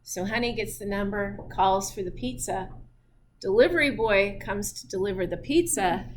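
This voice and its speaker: A woman's voice: medium pitch, moderate pace, slight background noise. A middle-aged woman teaching physiology in a chatty style, telling personal stories and laughing often. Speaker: physiology instructor. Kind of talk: lecture with personal anecdotes.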